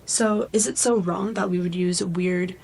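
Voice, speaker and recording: A woman's voice: fairly low pitch, fairly even intonation, measured pace, creaky, darkish tone, breathy edge, exaggerated voice, rough recording. A woman voicing a defiant teenage schoolboy who talks back bluntly.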